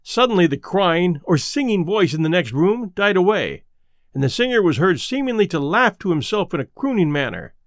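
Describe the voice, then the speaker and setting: A man narrating an audiobook ghost story in a measured storytelling manner. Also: sits high, sing-song, no echo, clean studio sound.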